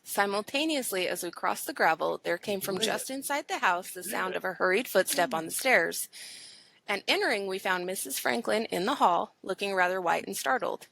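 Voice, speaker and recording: Expressive woman reading a ghost story. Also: mid-range voice, moderate pace, vocal fry, poor audio. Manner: reads expressively, laughs easily. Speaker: podcast co-host reading a story aloud.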